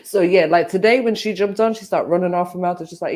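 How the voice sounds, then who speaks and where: A woman's voice: fairly low pitch, quick pace, darkish tone. A woman from the United Kingdom who is a guest on a livestream, chatting bluntly and dismissively, laughing easily. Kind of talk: casual gossip chat.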